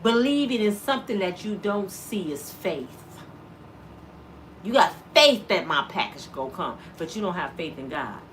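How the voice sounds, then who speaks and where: A woman's voice: lowish voice, sing-song, normal speed, a bit bright, slight background noise. A middle-aged woman giving an impassioned vlog monologue as a mother, preaching with rhetorical questions in casual dialect. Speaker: mother of an inmate, vlogger.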